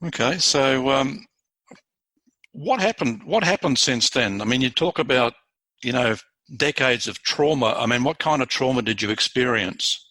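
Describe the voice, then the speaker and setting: A man's voice: medium pitch, lively intonation, normal speed, bright, forceful tone, no echo, rough recording. A man hosting an interview and asking short, prompting questions. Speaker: podcast host.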